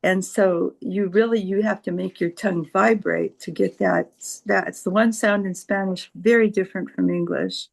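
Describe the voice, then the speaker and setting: A woman tutor with a Californian accent talks through a casual group discussion over a video call. Her voice has a gravelly, creaky edge at a medium pitch, and she feels her way forward with many fillers and restarts. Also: fairly even intonation, moderate pace, few pauses, low-quality recording. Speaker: volunteer literacy tutor.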